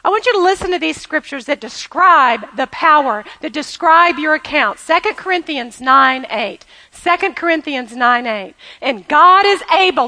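A woman's voice: very high voice, sharp tone. A woman preaching a sermon to a women's audience, emphatic and repetitive, calling on them to say lines back to her. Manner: emphatic, repeats key phrases, has the audience repeat after her; laughs now and then while preaching. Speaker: women's ministry speaker.

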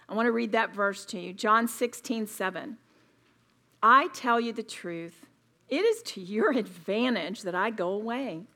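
A woman's voice: fairly high pitch, fairly bright tone. A woman speaking at a women's retreat, preaching emphatically and repeating words for stress. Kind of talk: sermon.

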